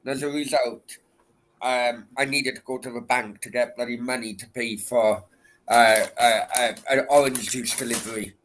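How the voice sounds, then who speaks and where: A chatty male host with a bright, forceful voice. He talks casually on a football stream, stumbling a little and giving blunt warnings. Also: mid-range voice, fairly even intonation, normal speed. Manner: chatty, warns bluntly, stumbles over his words. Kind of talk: casual chat.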